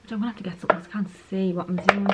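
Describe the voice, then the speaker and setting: A woman's voice: medium pitch, steady tone, rapid-fire, heavy background noise. Chatty woman doing her makeup. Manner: chatty, self-aware, talks while applying makeup. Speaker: beauty vlogger. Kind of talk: casual makeup tutorial chat.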